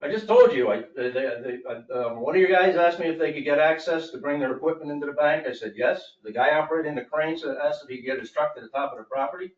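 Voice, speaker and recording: A man speaks up at a public board meeting, laying out his grievance with emphatic, indignant storytelling. His voice sits a little high for a man. It is picked up by a distant mic in a roomy hall, with a dull, muffled sound. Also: fast talker, few pauses. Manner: aggrieved, emphatic storytelling, voices others in quotes. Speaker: property owner speaking at public comment.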